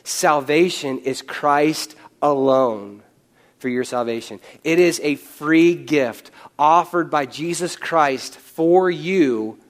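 Brief: young male pastor, casual sermon delivery, playful asides, slightly high pitch. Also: takes it slowly. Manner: conversational with joking asides.

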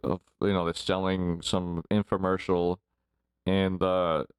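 A man's voice: low-pitched, level tone, takes it slowly, clean tone, no room sound. A man in his forties, a podcast guest telling rambling stories and laughing often as he talks. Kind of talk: casual storytelling interview.

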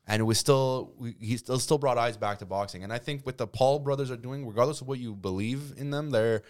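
A man's voice: mid-range voice, brisk. Thoughtful man explaining in chat. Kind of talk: casual chat.

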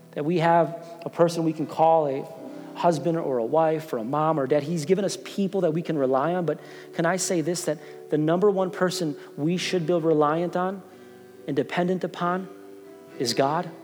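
A middle-aged man preaching a sermon as pastor, earnest, often repeating words as he presses a point. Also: on the high side. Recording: long hall reverb with soft music behind.

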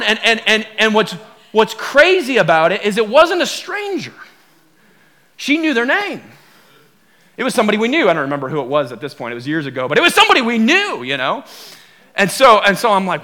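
A male pastor delivers a sermon as a lively personal story. His voice sits high and bright, leaping up and down as he acts out the quoted lines. He talks in restless bursts, repeating words and filling gaps with fillers. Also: a little fast.

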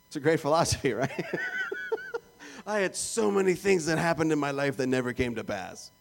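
Joking Canadian preacher, slightly high voice. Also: male voice, wildly swooping pitch, normal speed, gravelly, slight background noise. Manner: conversational and jokey, acting out little prayers and asides. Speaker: pastor. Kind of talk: sermon.

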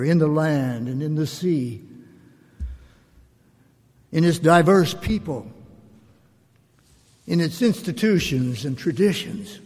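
An older man, a pastor, giving a slow and reflective sermon in measured, drawn-out phrases. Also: mid-range voice, a little mellow. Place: church sanctuary. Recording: long reverb of a church hall.

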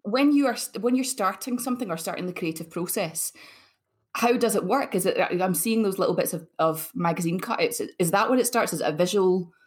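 A woman hosting a podcast, talking in a rambling, animated and self-mocking way. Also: medium pitch, fairly quick, husky. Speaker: podcast host. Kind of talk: casual chat.

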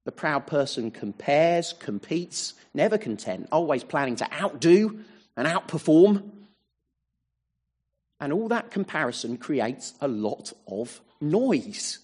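A man's voice: on the high side, sing-song, takes it slowly, a little mellow, breathy edge. A man preaching a sermon, working through a psalm verse by verse and often adding rhetorical tag questions. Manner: expository, walking through verses.

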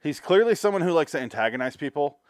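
A man's voice: fairly high pitch, expressive, quick pace, no echo, clean studio sound. A man co-hosting a podcast, rambling casually about movie scenes with sarcastic asides and plenty of filler words. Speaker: podcast co-host. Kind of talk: casual movie-review chat.

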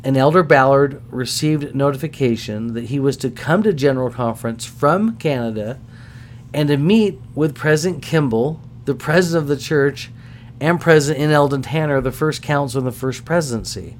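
A middle-aged man hosting a podcast, telling stories casually in an animated, self-deprecating way. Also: mid-range voice, normal speed, a little hiss or hum. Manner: animated, self-deprecating, acts out voices in anecdotes. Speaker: podcast host. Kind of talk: casual storytelling.

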